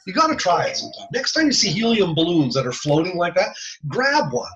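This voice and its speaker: Lively man teaching over a video call. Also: high voice, brisk, slight background noise. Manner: chatty, explains step by step with joking asides. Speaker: instructor. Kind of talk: online lecture. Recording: dull lo-fi video call audio.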